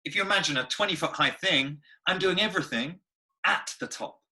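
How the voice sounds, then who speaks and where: Bright, animated male actor storytelling. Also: high voice, brisk. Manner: lively, expressive storyteller. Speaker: actor and guest.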